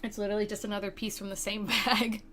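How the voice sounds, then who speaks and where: A woman's voice: medium pitch, little pitch movement, fast talker, slight background noise. Sarcastic young woman streamer. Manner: sarcastic, swears, says "like" a lot. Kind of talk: casual gameplay commentary. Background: loud game music.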